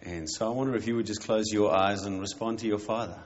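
Low-voiced pastor gently leading prayer. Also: male voice. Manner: gentle, measured, with pauses and fillers. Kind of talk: calm invitation to prayer. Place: church service. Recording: muffled church recording with faint noise.

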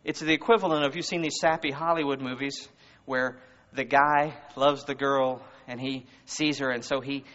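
A man with a Southern US accent preaching a conversational sermon, swinging between loud emphasis and hushed words. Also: mid-range voice, fairly even intonation, normal speed, hardly any pauses. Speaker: guest speaker. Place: church service. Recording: muffled reverberant hall recording.

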